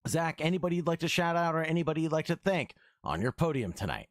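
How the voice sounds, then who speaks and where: A man's voice: fairly high pitch, sing-song, fast, dry recording, clean studio sound. A man hosting a sim racing broadcast, interviewing drivers after the race in a friendly, easygoing way. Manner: friendly, calls drivers brother.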